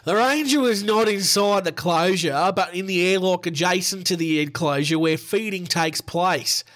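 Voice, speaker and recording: A man with an Australian accent voicing a plain-spoken male wildlife sanctuary owner, reading a statement slowly and mock-formally. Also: sits high, fairly bright tone. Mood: deliberate.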